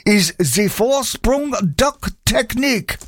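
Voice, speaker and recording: A man voicing a stiff, formal German man with a put-on German accent, speaking slowly in clipped, overly formal phrases. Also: extremely high pitch, lively intonation, dry recording, clean studio sound, voice pushed up, heavily acted. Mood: stiffly formal.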